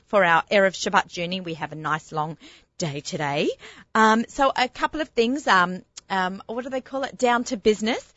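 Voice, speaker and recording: A woman hosting a casual chat show, talking excitedly with lots of fillers. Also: medium pitch, dry recording, highs cut off. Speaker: show host.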